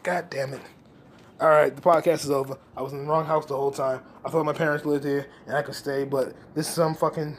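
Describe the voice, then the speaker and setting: A man's voice: a little high, flat delivery, fast, a little hiss or hum. Rambling profane man podcasting. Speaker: podcast host. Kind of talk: improvised comedy podcast rant.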